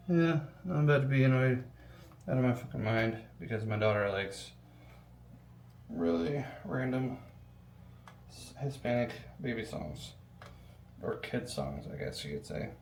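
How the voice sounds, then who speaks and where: A man's voice: mid-range voice, gravelly, a little mellow, a little hiss or hum. A young adult man rambling casually while building a PC, with lots of ums and the odd swear word. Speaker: PC builder vlogger. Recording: echoey room with faint ambience.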